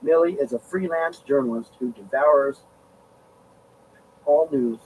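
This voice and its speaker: A man's voice: a little high, unhurried, darkish tone, distant mic, poor audio. A man casually reading an article aloud on his vlog, rambling and breaking off into asides about how he feels. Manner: rambling, interrupts himself, groans about discomfort. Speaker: vlogger. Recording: set back from mic, faint background noise.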